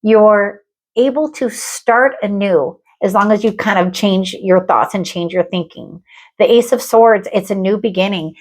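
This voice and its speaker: A woman gives a spiritual tarot reading in a voice of ordinary pitch. She speaks earnestly and gently, offering soft reassurance. When she reads card descriptions aloud, her delivery turns measured and calm.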